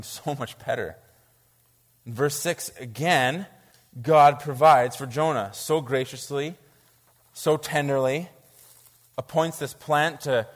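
A man preaching a sermon to a congregation, reading scripture aloud and reacting to it with animated disbelief. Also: medium pitch, in a large hall. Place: church.

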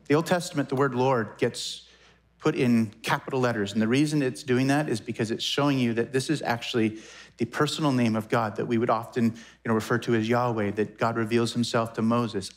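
A pastor in his forties preaches a sermon in a medium-pitched voice. His delivery is animated and conversational, full of quick asides and self-corrections.

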